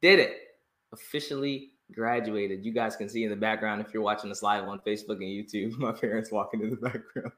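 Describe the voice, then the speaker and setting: A young man hosting a casual interview podcast, excitable and laughing often. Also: lowish voice, a little fast, roomy sound. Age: young adult. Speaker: podcast host.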